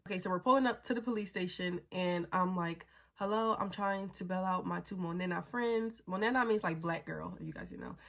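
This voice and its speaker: A woman, a mother, telling a story in a casual, animated and blunt way, swearing freely. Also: fairly low pitch, brisk, vocal fry, few pauses.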